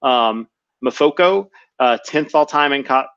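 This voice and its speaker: A man's voice: medium pitch, a little slow, fairly bright tone, clean tone, no echo, dull audio. A man hosting a casual podcast chat, rambling with lots of ums and self-corrections. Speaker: podcast host.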